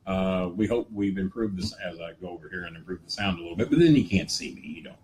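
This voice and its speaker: An older man with a drawl talks in a low, easygoing register, hosting a live chat. He rambles folksily, full of fillers and wry asides. A faint hiss sits under the recording. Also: fast, a little mellow. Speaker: host. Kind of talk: casual live-stream chat. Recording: faint ambient noise.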